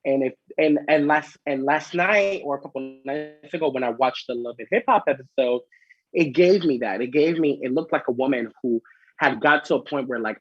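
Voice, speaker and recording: A man's voice: medium pitch, a little fast, husky, dry recording. A man hosting a casual gossip vlog, sassy and chatty, heard as a slightly dull lo-fi recording. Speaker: host.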